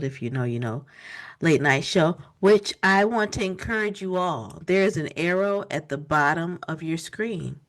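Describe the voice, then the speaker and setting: A woman co-hosting a casual online talk show, chatty and relaxed, with frequent quick affirmations. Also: fairly low pitch. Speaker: co-host. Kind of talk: casual livestream chat.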